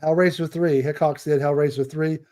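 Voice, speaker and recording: A man co-hosting a film podcast, chatting in a relaxed, conversational way with some hesitant fillers. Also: a little high, fairly quick. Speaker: podcast co-host. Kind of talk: casual film review chat.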